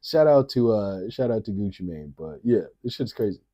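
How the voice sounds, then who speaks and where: A man's voice: on the low side, expressive, moderate pace, warm tone. A man reacting to a video in casual, rambling commentary, swearing freely and often laughing as he talks.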